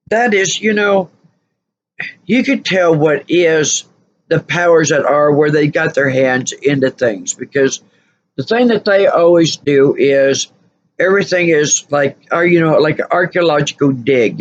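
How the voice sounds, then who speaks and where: A woman's voice: low voice, lo-fi sound. A woman vlogger telling a story casually, rambling and full of "you know" fillers.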